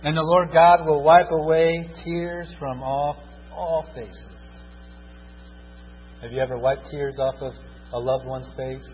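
A man preaching a sermon, swinging from loud fervent repetition to hushed, tender pleading. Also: a little high, steady tone, slow pace, big-room sound, dull audio, a little hiss or hum.

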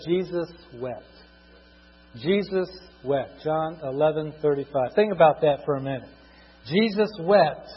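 A middle-aged man preaching a sermon, husky, swinging between loud emphatic bursts and quiet asides, drawing out scripture verses slowly. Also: a little high. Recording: dull lo-fi recording in a reverberant hall with mains hum.

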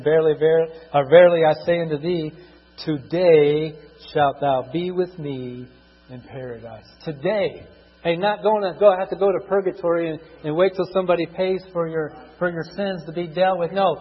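A middle-aged man preaching a sermon, husky, swinging between loud emphatic bursts and quiet asides, drawing out scripture verses slowly. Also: on the high side. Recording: dull lo-fi recording in a reverberant hall with mains hum.

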